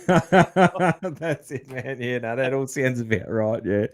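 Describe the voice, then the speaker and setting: A man's voice: mid-range voice, animated, takes it slowly, no echo. A man with an Australian accent hosting a casual podcast interview, laid-back and full of crude slang. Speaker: podcast host.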